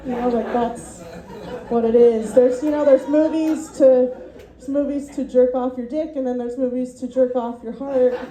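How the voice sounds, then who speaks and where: A woman's voice: high voice, echoey room, poor audio. A woman doing a rambling, self-deprecating stand-up set at a student showcase, full of ums and little laughs, as the class's comedy teacher.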